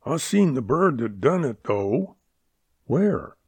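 A man's voice: medium pitch, sing-song, takes it slowly, darkish tone, husky, dry recording, voice pushed up, exaggerated voice. A man voicing a surly, sneering cowhand in a western audiobook, with a growling drawl.

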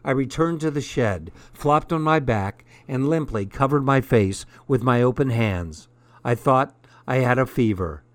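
A man narrating a first-person story aloud in an unhurried, deliberate reading. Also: mid-range voice, no echo. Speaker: audiobook narrator.

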